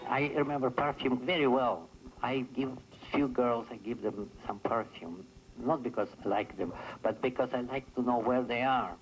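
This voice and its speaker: Man speaking in halting, non-native English. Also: mid-range voice, music in the background, rough recording. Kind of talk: archival interview.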